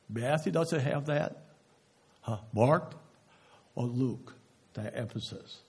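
Guy preaching real slow, kinda husky, asks the crowd questions and goes quiet on the big words. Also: mid-range voice. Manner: slow, emphatic delivery, drops to a hush on key words; asks the audience rhetorical questions. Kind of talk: sermon.

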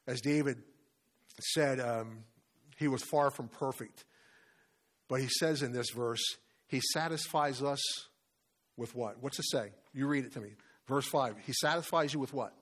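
A man's voice: mid-range voice, fairly bright tone. A middle-aged man preaching a sermon in an earnest way, often asking his listeners questions. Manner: earnest, asks many questions. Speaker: pastor or Bible study leader.

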